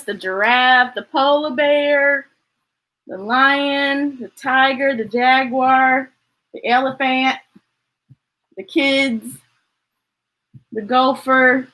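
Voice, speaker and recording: Storytime reader, woman, high voice with big swoops, unhurried pacing. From United States. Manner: animated, laughing often, chatty asides to young listeners. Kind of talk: reading picture books aloud to children.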